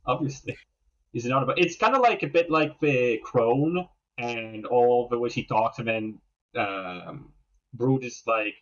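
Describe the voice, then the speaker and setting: A man's voice: mid-range voice, animated, measured pace, a bit bright. A man co-hosting a podcast in a casual book discussion, easygoing and hesitant. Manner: easygoing, hesitant, many fillers. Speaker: podcast co-host. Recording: dull lo-fi sound.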